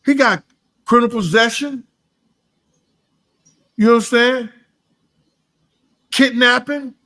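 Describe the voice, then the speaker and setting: On a casual reaction podcast, a male co-host makes his points emphatically, repeats himself, and trails off into low mumbling. He talks slowly in a steady, pushed, bright voice.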